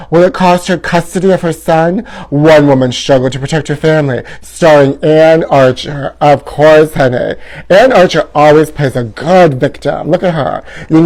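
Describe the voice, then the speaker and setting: A man's voice: a little high, darkish tone. A man hosting a live gossip stream from home in a campy, theatrical way, reading viewer comments aloud and calling everyone honey. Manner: reads fan comments aloud. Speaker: host.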